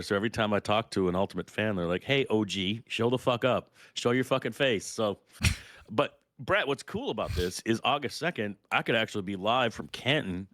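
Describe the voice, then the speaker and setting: This middle-aged man has a fairly low voice and tells animated stories with plenty of swearing. The sound is dry and close to the mic, with no room echo. He talks the way you would in a relaxed chat around a bar. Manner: storytelling, animated, swearing freely. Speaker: podcast co-host. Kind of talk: casual chat.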